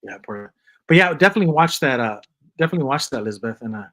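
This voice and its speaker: A man in his fifties hosting a casual livestream chat, rambling and joking in a loose, animated way. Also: mid-range voice, racing, low-quality recording. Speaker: host.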